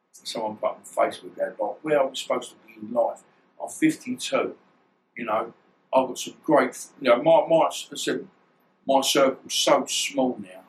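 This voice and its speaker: A man's voice: medium pitch, poor audio. Bloke in his 50s rambling thru stories, does all the voices, faint hiss behind. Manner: rambling, animated, acts out dialogue, swears. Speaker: guest, former boxer. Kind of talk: storytelling interview.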